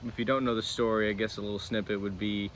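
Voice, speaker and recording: A man's voice: lowish voice, flat delivery, fast, fairly bright tone. Rambling man chatting outdoors by a road. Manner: rambling, self-deprecating, restarts often. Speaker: church channel co-host. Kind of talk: casual Bible discussion. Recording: faint traffic noise outdoors.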